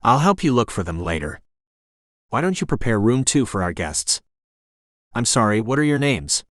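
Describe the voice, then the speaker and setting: A man voicing an energetic older woman innkeeper in her sixties with a faint Jamaican accent, reading an audiobook. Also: mid-range voice, normal speed, dry recording, studio quality. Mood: chatty.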